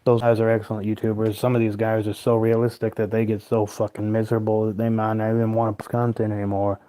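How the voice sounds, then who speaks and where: Hosting a casual livestream at home, a man with a fairly low, warm voice speaks quickly in a monotone. He reads viewer comments aloud and rambles on, profane and quick to laugh.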